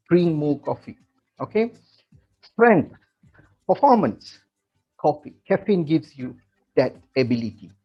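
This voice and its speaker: A man giving an animated, salesy product talk to members, often filling with "okay". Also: a little high, breathy edge. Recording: muffled lo-fi recording.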